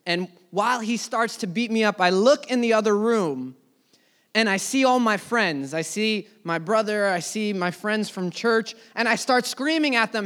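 Young guy preaching, real high voice, goes quiet then loud telling a story. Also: normal speed, clear, resonant tone. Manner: earnest storytelling, dropping soft and rising loud. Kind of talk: sermon.

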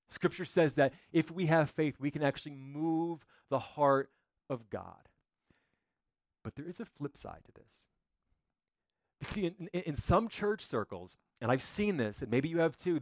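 A man's voice: medium pitch, dry recording, studio quality. A man preaching a sermon as a pastor, quoting scripture dramatically, with occasional stammered restarts.

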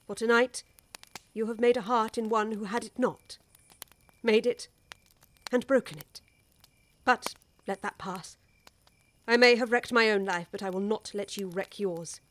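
A woman's voice: a little high, fairly even intonation, a little slow, pauses often, a bit bright. An actress with an English accent playing a worldly older woman who urgently pleads with a young wife, in a radio drama. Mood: imploring.

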